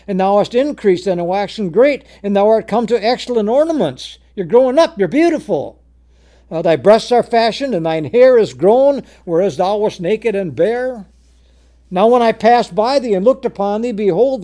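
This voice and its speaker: High-pitched, mellow-voiced male preacher. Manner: reads scripture aloud in old-fashioned wording, then explains in plain speech; repeats words and restarts, rising to loud emphasis on key words. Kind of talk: sermon with scripture reading.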